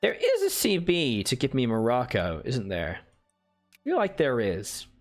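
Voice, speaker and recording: A man talks through a strategy game on a live stream in a relaxed, chatty way, explaining his plans and bantering with his chat. His voice sits at an ordinary middle pitch, and soft music plays quietly behind him. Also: measured pace. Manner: chatty, answers viewer chat, playful asides. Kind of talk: casual gameplay commentary.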